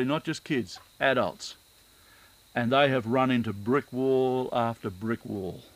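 A man's voice: mid-range voice, dry recording, rough recording. A middle-aged man, preaching a sermon and telling stories, with earnest repetition for emphasis. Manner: earnest storytelling, repeats phrases for emphasis.

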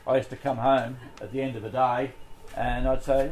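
A man's voice: mid-range voice, level tone, moderate pace, a little mellow, slight background noise, poor audio. A man leading a group Bible study, talking in a conversational way with many fillers and restarts.

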